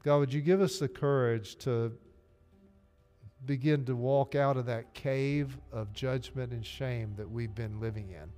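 Southern pastor preaching in a reverberant church. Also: male voice, medium pitch, steady tone, a little slow, dark tone. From Arkansas. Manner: earnest, direct, addresses the congregation. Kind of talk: sermon. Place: church sanctuary. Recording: long hall reverb, faint music. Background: faint music.

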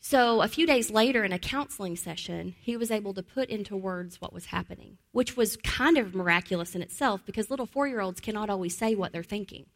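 A woman teaches trauma-informed care in a middle-pitched voice. She repeats key phrases for emphasis and often lowers into a calm, gentle tone to show how to soothe a child. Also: a little fast, hardly any pauses. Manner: drops to a calm, soft voice to model soothing words. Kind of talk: teaching talk.

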